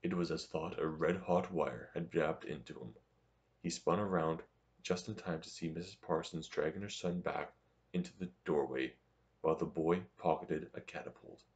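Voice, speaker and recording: A man narrating a novel as an audiobook in a steady, measured reading. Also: extremely low pitch.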